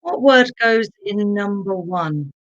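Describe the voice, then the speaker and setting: Speaking slowly and expressively at medium pitch, this English teacher leads a live online class, saying key words again for learners to imitate and addressing chat viewers by name. The audio is lo-fi, with no room sound.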